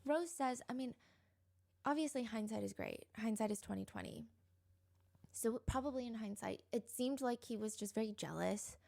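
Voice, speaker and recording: A woman's voice: on the high side, moderate pace, creaky, a little mellow. A young woman casually retelling a true crime case, chatty and full of fillers, sometimes quoting the people involved. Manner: chatty, filler-heavy retelling with quoted voices.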